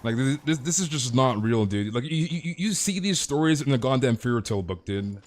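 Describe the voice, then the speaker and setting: A man's voice: mid-range voice, fairly quick, a little hiss or hum. Ranting, stammering male game streamer. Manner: excitable, stammering repeats, frequent swearing. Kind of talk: casual live-stream rant.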